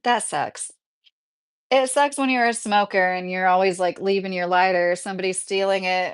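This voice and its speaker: A woman's voice: medium pitch, steady tone, normal speed, smooth. A rambling, talkative woman in her thirties with a faint Midwestern accent, answering viewers on a casual livestream. She drifts from thought to thought and laughs often as she goes. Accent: slight Midwestern. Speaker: streamer answering viewer questions.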